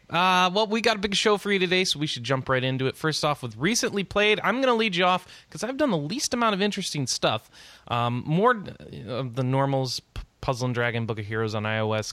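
A man's voice: mid-range voice, expressive, bright, forceful tone, no echo. A man hosting a gaming podcast in a casual, upbeat, joking way. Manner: upbeat, enthusiastic, quick to joke. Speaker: podcast host. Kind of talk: casual chat.

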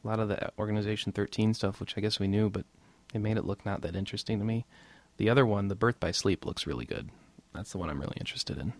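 A man's voice: on the low side, quick pace, dry recording. A man hosting a casual gaming podcast, laughing often and rambling loosely. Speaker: podcast host.

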